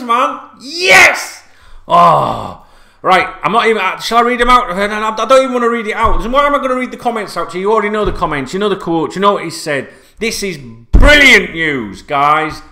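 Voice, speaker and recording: Guy ranting at home, high voice, swears loads, keeps repeating himself, bit echoey. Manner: swears a lot, rambling, repeats himself, bursts into shouts. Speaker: football fan vlogger. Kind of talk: excited unscripted video rant. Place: at home, sitting. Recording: echoey room.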